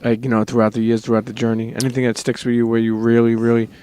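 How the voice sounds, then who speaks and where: A man's voice: medium pitch, monotone, quick pace, mellow, a little hiss or hum. A male podcast host who asks friendly, stammering questions in a casual interview.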